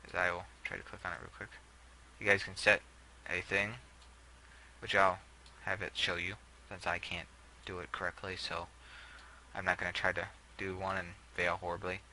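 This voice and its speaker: A man's voice: sits low, flat delivery, moderate pace, bright, forceful tone, slight background noise, poor audio. A young man giving casual, rambling gameplay commentary, often trailing off and putting himself down. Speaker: gameplay video host.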